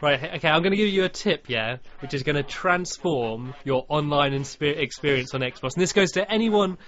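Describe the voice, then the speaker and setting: A man's voice: a little high, expressive, moderate pace, fairly bright tone. Playful British man hosting, lo-fi. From Britain. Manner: playful, joking, giggly. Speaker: podcast host. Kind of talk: casual chat. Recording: dull lo-fi audio.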